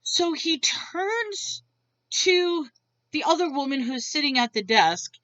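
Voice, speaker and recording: Woman, ranting vlog, exasperated, blunt, swears a lot, bright forceful voice, dry lo-fi sound. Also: high voice, sing-song, slow, no echo. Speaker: vlogger. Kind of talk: venting rant to camera.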